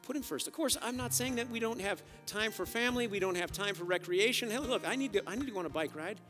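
A man preaching a sermon, energetic, swinging from loud urgent exhortation to quiet emphasis. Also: sits high, fast talker. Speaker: pastor. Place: church sanctuary. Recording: long hall reverb with faint guitar behind. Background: soft guitar music.

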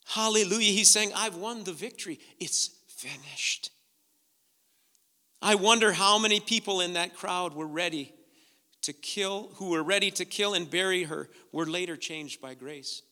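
A man pastor preaching a sermon, swinging from hushed, slow passages to loud, emphatic ones. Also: high voice, long reverb tail.

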